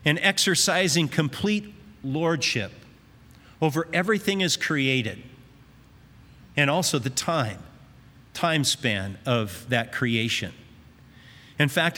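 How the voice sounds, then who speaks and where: A man preaching an expository sermon, earnest and emphatic, reading scripture slowly. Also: on the high side, pushed and bright. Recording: reverberant hall.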